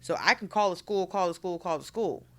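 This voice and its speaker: A woman's voice: lowish voice, fairly quick. A woman comedian telling school stories in a casual podcast chat, acting out quotes and swearing freely. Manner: animated storyteller, acts out quotes, swears. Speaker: guest comedian.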